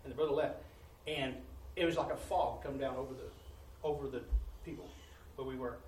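A man preaching a testimony sermon in a church, telling his story in an animated way and laughing along the way. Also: medium pitch, normal speed, slight background noise. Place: church sanctuary. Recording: roomy church audio from a distance.

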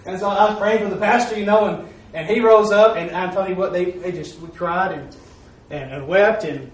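A high-pitched man speaking at normal speed gives a folksy testimony during a church talk, repeating himself and saying "I'm telling you." He's a preacher, recorded in an echoey room with the mic far off and faint noise.

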